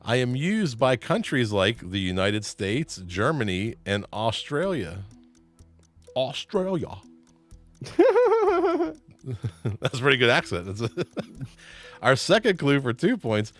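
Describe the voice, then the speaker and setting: A man's voice: medium pitch, sing-song, normal speed, a bit bright, soft background music. A man hosting a trivia game show, reading clues and joking playfully with the players, laughing often.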